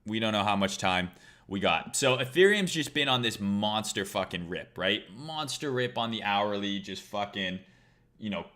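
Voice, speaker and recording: A man's voice: on the low side, animated, moderate pace, bright, forceful tone. A man hosting a trading livestream, talking casually in a blunt, profane, rambling way.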